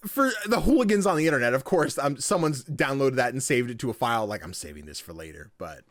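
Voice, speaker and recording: Animated young man hosting a podcast. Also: medium pitch, quick pace, no echo. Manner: animated, joking, swears casually. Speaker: podcast host. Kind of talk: casual podcast chat.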